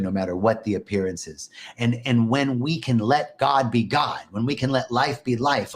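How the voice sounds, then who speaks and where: A man preaching a sermon, telling animated stories, laughing often and swearing casually. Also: a little high. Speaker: minister. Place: lives in Costa Rica.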